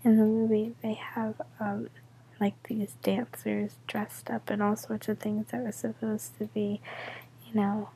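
Stuffy-nosed woman, slow soft whispering. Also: medium pitch, little pitch movement, slight background noise, rough recording. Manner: soft whisper, rambling with ums and little laughs. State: stuffed up, tired. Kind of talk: whispered ASMR talk.

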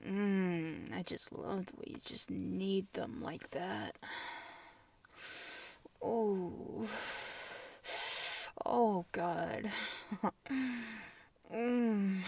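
A woman in an intimate whispered role-play, breathy and drifting between hushed whispers and soft moans. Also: mid-range voice, lively intonation, very slow, long pauses, no echo, recorded from a distance. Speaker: audio role-play performer.

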